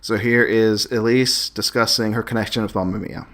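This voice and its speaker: A man co-hosting a podcast, chatting casually and haltingly with many restarts. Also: fairly low pitch, steady tone, a bit bright. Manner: halting, full of restarts and fillers. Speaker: podcast co-host.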